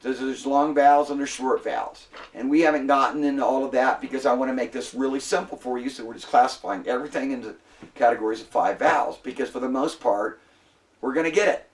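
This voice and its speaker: A man's voice: mid-range voice, fast. Guy lecturing a classroom, patient n repetitive, keeps asking the class, kinda far off mic. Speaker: Hebrew instructor.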